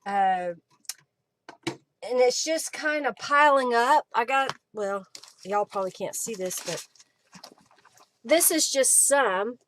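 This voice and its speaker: Slow, chatty woman crafting live. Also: fairly high pitch, fairly bright tone, slight background noise. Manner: chatty and rambling, thinks aloud while searching. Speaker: host of a live crafting stream. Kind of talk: casual live demo chat. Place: home craft room at a desk.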